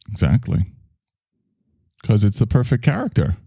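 A man's voice: sits low, expressive, a little slow, vocal fry, pauses often, dark tone, breathy edge, no echo, clean studio sound. A man hosting an improvised comedy bit, playful and rambling.

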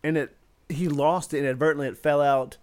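A man's voice: fairly high pitch, fairly even intonation, brisk, clean tone. Blunt, joking man, profane. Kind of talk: casual chat.

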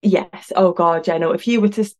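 A woman's voice: fairly low pitch, a little fast. North wales woman guesting on a podcast, chatty, laughs loads. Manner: laughs often, chatty and animated. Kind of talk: casual chat.

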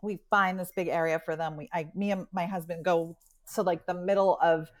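Chatty woman telling an animated story. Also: on the low side, fairly quick. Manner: animated, chatty, lots of "like" and acted-out quotes. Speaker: dog rescue owner and pet matchmaker. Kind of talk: storytelling in an interview.

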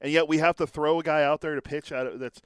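A man co-hosting a casual sports podcast, rambling along in a conversational way. He talks fast in a slightly high voice. The sound is close and dry. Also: fairly even intonation, smooth, no echo. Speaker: podcast co-host.

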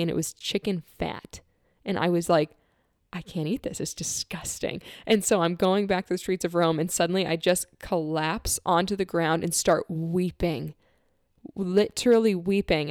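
A woman in casual conversation, telling a personal story in an earnest, animated way, laughing often and acting out quotes. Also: on the low side, no echo, clean studio sound.

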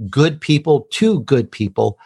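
A man with a fairly high voice chats as a podcast guest, eager and warm-hearted in his talk. He rambles and restarts his sentences as ideas come. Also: big pitch swings, measured pace, vocal fry, slightly rough. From Italian heritage. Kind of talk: podcast interview.

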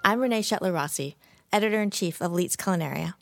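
A woman co-hosting a food podcast, telling stories in a lively, casual way. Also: on the low side, fast talker, creaky, music in the background. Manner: storytelling, animated. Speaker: podcast co-host, magazine editor.

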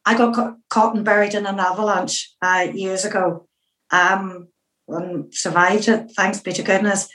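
Lively middle-aged Northern Irish woman. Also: mid-range voice, measured pace, echoey room, poor audio. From Northern Ireland. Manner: lively storyteller who acts out her own past remarks, with many fillers. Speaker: interview guest. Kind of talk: anecdotal interview storytelling.

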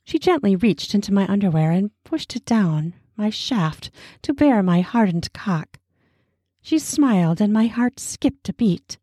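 A woman narrating an erotic story in a slow, soft, sensual style. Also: lowish voice, no echo, clean studio sound.

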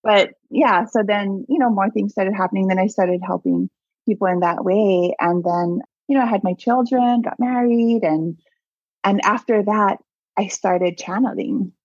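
Husky woman guest chatting away, dry close sound, bit dull and muffled. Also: medium pitch, moderate pace, dry recording. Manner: animated storyteller, many "like"s and laughs. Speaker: guest, abundance mindset coach. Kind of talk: casual storytelling interview.

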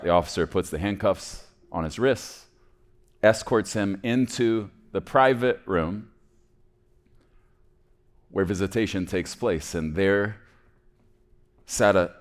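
Deep-voiced pastor telling a story. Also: male voice, measured pace, pauses often. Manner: dramatic narration, shifting pace. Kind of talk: sermon storytelling.

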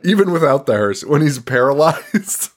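A man's voice: on the high side, very animated, moderate pace. A man hosting a podcast, recapping a movie in casual chat, swearing a lot, laughing often and rambling. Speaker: podcast host.

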